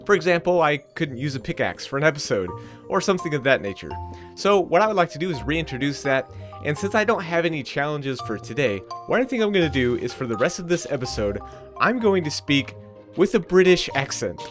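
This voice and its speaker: A male gaming YouTuber talking through his playthrough, earnest and a little rambling. His voice is somewhat high for a man, with soft music playing faintly behind him. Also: big pitch swings, a little fast. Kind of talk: Minecraft let's play commentary.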